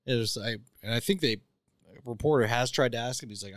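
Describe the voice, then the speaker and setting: A man's voice: mid-range voice, quick pace, no echo. A man, co-hosting a casual podcast chat, swearing freely and slipping into mock voices. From Canada. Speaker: podcast co-host.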